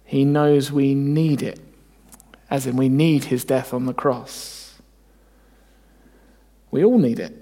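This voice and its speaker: A man's voice: medium pitch, creaky, mellow, in a large hall. A man preaching a sermon, earnest and reflective, often asking his listeners rhetorical questions.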